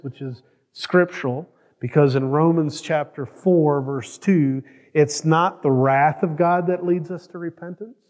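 A man's voice: on the high side, a little mellow, big-room sound. A man preaching a sermon as pastor, often asking the congregation questions and acting out quoted prayers. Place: church sanctuary.

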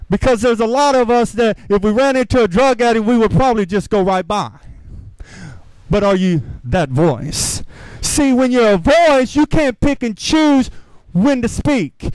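A man's voice: high voice, darkish tone, clear, resonant tone, no room sound, rough recording. A man preaching a sermon as pastor, repeating rhetorical questions, calling for amens, and using informal, earnest phrasing. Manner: repetitive rhetorical questions, calls for amen.

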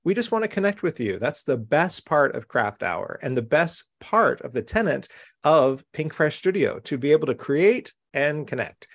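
A man's voice: on the high side, very animated, moderate pace. A man hosting a live-streamed craft show from home, chatty, upbeat and welcoming. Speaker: host.

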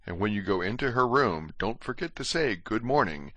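A careful mother giving steady instructions, as a man reads her part. The voice stays very deep and the recording is dry and close. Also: moderate pace, dry recording, lo-fi sound. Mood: cautioning. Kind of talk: audiobook reading.

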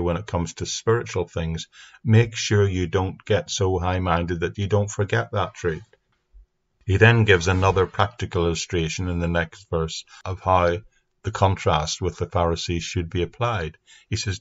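A man teaching a Bible passage on his podcast in an earnest, steady way. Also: low voice, highs cut off. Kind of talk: recorded Bible study podcast. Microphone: speaking into a mic.

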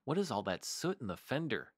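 A man reading aloud and voicing a brisk, stern cat cousin with a firm, no-nonsense manner. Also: medium pitch, big pitch swings, breathy edge, no room sound, clean studio sound.

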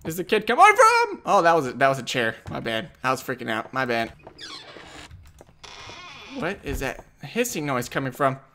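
A man's voice: mid-range voice, animated, normal speed, pauses often, sharp tone, a little hiss or hum. A man commentating a horror game, jumpy and jokey, swearing often as he panics. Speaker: gamer.

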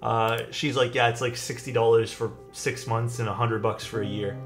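Animated young man telling a story. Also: mid-range voice, moderate pace, few pauses. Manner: animated, acts out quoted people. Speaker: streamer. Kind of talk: casual storytelling to chat. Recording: faint music behind.

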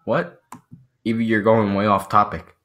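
Young man, casual vlog chat, goofy, excitable, bright forceful tone. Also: fairly low pitch, moderate pace. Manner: goofy and excitable, repetitive, swears, mocking. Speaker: vlogger chatting with a chatbot.

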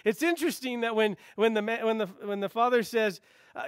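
A man's voice: sits high, brisk, no room sound, clean studio sound. A man pastor preaching a sermon, earnest and repetitive for emphasis, quoting scripture and sometimes dropping to a near whisper. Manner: earnest, repeats phrases for emphasis, quotes scripture, drops to near whisper at times.

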